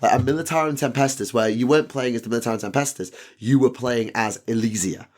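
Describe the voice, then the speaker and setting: A man's voice: mid-range voice, fast. A man with a South Yorkshire accent hosting a casual podcast chat, rambling with lots of ums and swearing freely. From South Yorkshire, England. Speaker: podcast host.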